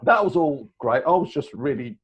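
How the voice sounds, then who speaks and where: A man, telling stories as a guest in a casual chat, animated and rambling, laughing often. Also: mid-range voice, moderate pace, breathy edge. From England. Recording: dull lo-fi recording.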